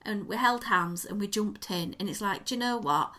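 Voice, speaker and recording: A woman co-hosting a podcast, telling a story in a lively, expressive way. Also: mid-range voice, a little fast. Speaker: podcast co-host. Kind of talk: casual chat.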